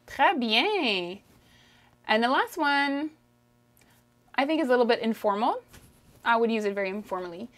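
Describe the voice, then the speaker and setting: Slightly high-voiced woman French teacher. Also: animated, a bit bright. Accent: Canadian French. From Canada. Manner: slow, drawn-out pronunciation drills, frequent "okay?" checks. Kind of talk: language lesson, modelling phrases for repetition.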